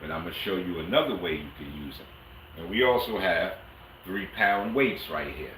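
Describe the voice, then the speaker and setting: A man's voice: low-pitched, expressive, normal speed, a bit bright, slight background noise. A man teaching a martial arts lesson on a livestream, talking casually and streetwise and coaxing viewers. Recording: echoey room, mic at a distance.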